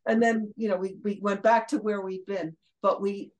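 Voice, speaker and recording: An older woman from Brooklyn, a guest on an interview, telling lively anecdotes, laughing mid-sentence and acting out what people said. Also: medium pitch, moderate pace, poor audio. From Brooklyn, USA. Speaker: guest, former children's TV host. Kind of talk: casual storytelling interview.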